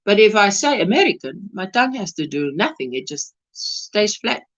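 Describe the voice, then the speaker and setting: A woman's voice: medium pitch, very animated, moderate pace, a bit bright, dull audio. A South African woman hosting a casual crochet livestream, chatting and laughing as she reads out viewer comments.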